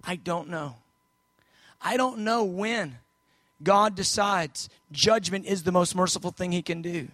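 A man preaching a sermon, moving from shouted urgency to hushed, low storytelling as he acts out prayers and replies. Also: a little slow, dry recording.

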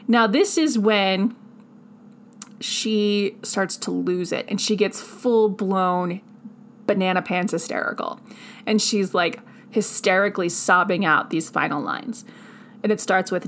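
Woman, podcast host, animated, sassy asides, laughs a lot, mid-pitched voice. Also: unhurried. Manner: animated, laughs often, reads quotes aloud with sassy asides. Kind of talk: casual history podcast commentary.

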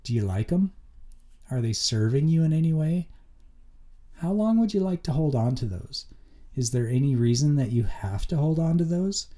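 A man's voice: fairly high pitch, animated, normal speed, warm tone. A man hosting his own show, telling a personal story in an earnest, conversational way with lots of casual fillers. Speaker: podcast host. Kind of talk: personal reflective monologue.

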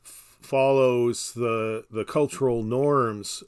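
A man explaining scripture in a casual podcast conversation, halting with restarts and dry humor. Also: medium pitch, steady tone, clean tone. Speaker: Bible teacher. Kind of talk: casual Bible study podcast.

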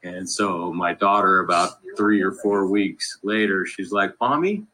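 This Colorado man speaks low and unhurried, his tone level yet sharp, captured on low-quality audio. As a podcast guest, he rambles casually through family stories, laughs at the funny bits, and leans heavily on "you know" throughout the interview.

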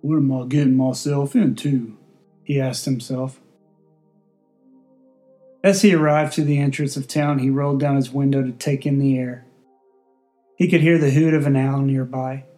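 Deadpan male storyteller, mellow voice. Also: mid-range voice, normal speed, pauses often, faint music behind. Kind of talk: storybook narration.

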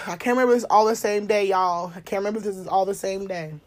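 A woman, telling a personal story in a blunt, animated way, swearing and laughing often. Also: medium pitch, quick pace, slight background noise. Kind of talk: casual storytime chat.

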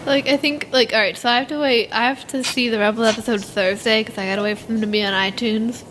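A woman's voice: fairly high pitch, quick pace, noisy background. Giggly rambling teenage girl. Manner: giggly, rambling, animated storytelling. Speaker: podcast co-host. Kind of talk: casual fan chat.

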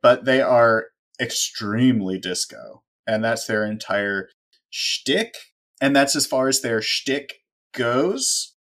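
A man's voice: mid-range voice, expressive, takes it slowly, fairly bright tone. Sarcastic man co-hosting a chat. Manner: sarcastic, wry joking asides. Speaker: podcast co-host. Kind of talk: casual chat.

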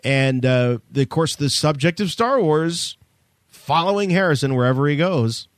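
Jokey podcast host dude, kinda high voice, dry close mic. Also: male voice, animated, normal speed, no echo. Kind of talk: casual podcast discussion.

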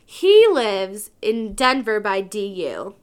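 A young woman co-hosting a podcast, telling a story in casual chat, animated and full of "like". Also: mid-range voice, takes it slowly, clean tone. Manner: animated, filler-heavy storytelling with lots of "like". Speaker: podcast co-host.

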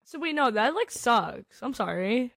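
A young woman co-hosting a podcast, chatting casually with quick, teasing, playful interjections. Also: fairly high pitch, sing-song, creaky, a bit bright, dry recording, clean studio sound. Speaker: podcast co-host. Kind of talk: casual chat.

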